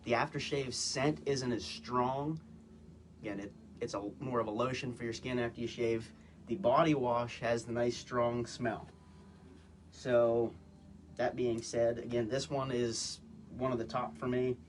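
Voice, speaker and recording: A man casually reviewing products on a phone livestream, talking in a relaxed, hesitant way with many "um"s and "again"s. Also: medium pitch, unhurried, slight background noise. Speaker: guest co-presenter, husband. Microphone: phone, live stream.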